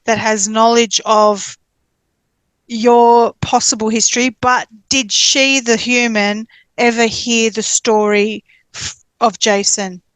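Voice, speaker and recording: A woman's voice: a little high, level tone, slow pace, fairly bright tone, smooth, dry recording, low-quality recording. An Australian woman, a podcast co-host, stepping in to clarify and sum up a story for the audience. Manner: clarifying, summarizing for listeners. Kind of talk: casual interview chat.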